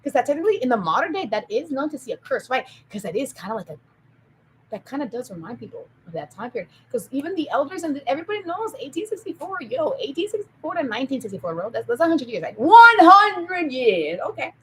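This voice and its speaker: A woman in a rambling solo monologue who jumps between topics, swears, and swings from loud outbursts to low mutters. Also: sing-song, fast talker, slight background noise, rough recording.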